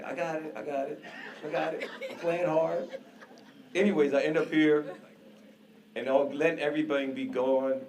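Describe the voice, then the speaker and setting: A man's voice: lowish voice, darkish tone, slight background noise. A man in his thirties giving an earnest, emphatic induction speech from a ceremony stage. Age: 30s. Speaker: hall of fame inductee.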